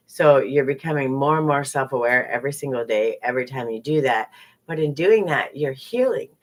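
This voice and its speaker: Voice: mid-range voice, lively intonation. A speaker teaching a live-streamed lesson in a loose, conversational way. They keep checking in with "right?" and stack rhetorical questions one after another, greeting viewers as they go. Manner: repetitive and conversational, often tags lines with "right?"; rhetorical questions in rapid strings.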